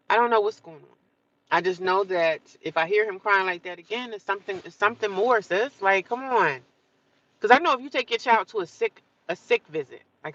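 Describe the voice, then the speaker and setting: A woman's voice: fairly low pitch, fairly bright tone, lo-fi sound. A woman vlogging in a casual, rambling monologue, earnest and repetitive, with frequent asides to the viewer.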